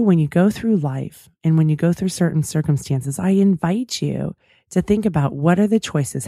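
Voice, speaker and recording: A podcast host with a low, dark-toned voice delivers a casual storytelling monologue on her talk show, recounting a personal story in a chatty, reflective way with many asides. The studio sound is clean, without echo.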